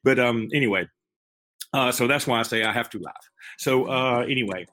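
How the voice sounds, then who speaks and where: A man's voice: mid-range voice, normal speed, bright, forceful tone, slight background noise. A man, co-hosting a casual sports podcast from a hotel room, rambling with many restarts and laughs. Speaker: podcast co-host.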